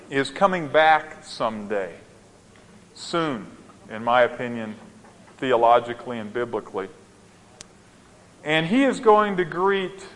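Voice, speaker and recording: A man preaching a sermon as a pastor, telling a personal story in a slow, gentle way with rising emphasis. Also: mid-range voice. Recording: long reverb of a large hall.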